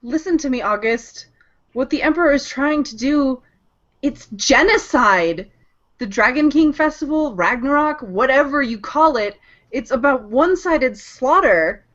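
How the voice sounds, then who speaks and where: An earnest young mage pleading urgently with an elder, as a woman voices her for a fan read-along. Her voice is fairly high and lively. The audio is dull and lo-fi. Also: unhurried. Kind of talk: amateur manga read-along dub.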